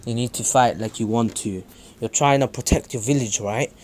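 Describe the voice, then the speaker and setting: A confident teenage ninja boy who lectures his hot-headed rival about vengeance and power, as a man reading a fan story puts him on. His delivery is plain and unhurried, full of small restarts and ums, with an ordinary mid-range voice. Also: medium pitch, a little mellow, a little hiss or hum, natural voice. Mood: calm, lecturing. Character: confident teenage male ninja, calm and preachy.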